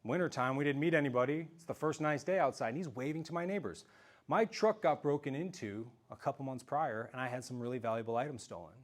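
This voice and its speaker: A man telling a story in an animated, self-mocking way during a talk to a live audience. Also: medium pitch, fast talker. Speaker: speaker giving a self-defense talk.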